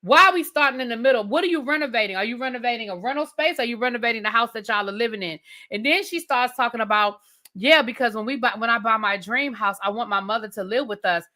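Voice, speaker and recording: Incredulous, bright-voiced woman ranting. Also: fairly high pitch. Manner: blunt, incredulous, rapid-fire rhetorical questions. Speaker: TV review host. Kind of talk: casual rant review.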